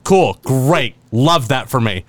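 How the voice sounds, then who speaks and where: Man, podcast host, casual chat, lively pitch, argumentative, swearing. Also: slow pace, no echo.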